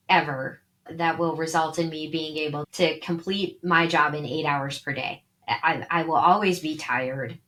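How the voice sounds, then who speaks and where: Dry-humored woman with a lowish voice. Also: fairly bright tone. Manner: dry, blunt teasing. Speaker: podcast co-host. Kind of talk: casual chat.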